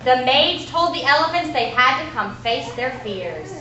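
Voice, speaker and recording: A woman, a teacher, telling a children's story with expressive, dramatic narration during a school performance. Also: high voice, normal speed, lo-fi sound, faint music behind. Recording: echoey room, recorded from far off.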